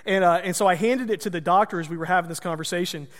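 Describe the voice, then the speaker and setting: High-voiced pastor telling a story. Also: male voice, racing, long reverb tail. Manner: conversational, self-deprecating humor. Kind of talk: storytelling sermon.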